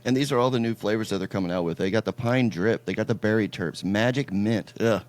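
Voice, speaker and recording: Chill guy hosting a podcast, lowish voice, rambly laid-back stories. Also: quick pace. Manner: laid-back storytelling, swears casually. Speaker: podcast host. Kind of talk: casual chat.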